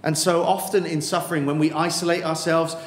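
A man preaching a sermon, earnest and emphatic, slowing down with dramatic pauses on key words. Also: a little high, level tone. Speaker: pastor. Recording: echoey hall with faint ambience.

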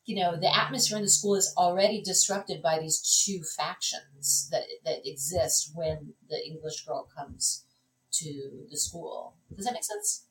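A woman with a low voice speaks as a guest critic in an unscripted conversation. She is animated and full of fillers and restarts. Her voice sounds echoey and a little far from the mic. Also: a little slow. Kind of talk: casual conversation. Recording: echoey room, distant mic.

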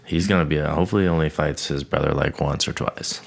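A man's voice: a bass voice, fairly even intonation, quick pace, vocal fry. A man who is a guest on a podcast, swearing and joking in casual chat over drinks.

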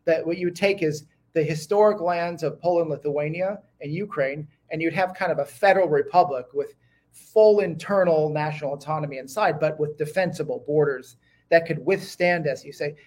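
A man's voice: a little high, normal speed, a little mellow. A man speaking as a guest historian in an interview, eager and talking in bursts with many restarts. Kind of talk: conversational interview.

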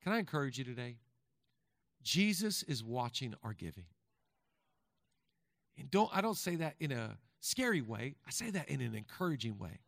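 A man preaching a sermon as pastor, talking conversationally with the congregation and building to fervent shouting. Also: medium pitch, sing-song, moderate pace, creaky, pauses often, no room sound, clean studio sound, long reverb tail. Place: large church hall.

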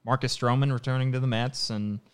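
Male podcast co-host, brisk and rambling, clean resonant tone. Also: mid-range voice, steady tone, clean tone. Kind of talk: casual sports podcast chat.

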